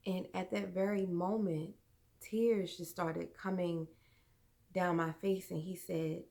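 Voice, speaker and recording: A young adult woman vlogger earnestly telling a personal story, halting and full of fillers. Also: lowish voice, little pitch movement, vocal fry, a little mellow.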